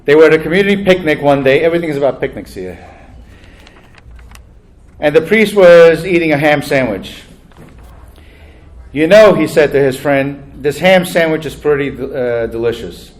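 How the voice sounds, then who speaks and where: A man emceeing a banquet, cracking jokes in a chatty, self-deprecating manner and chuckling at his own punchlines. His voice sits somewhat high for a man, and he speaks into a handheld mic in a banquet hall. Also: animated, moderate pace, pauses often. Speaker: master of ceremonies.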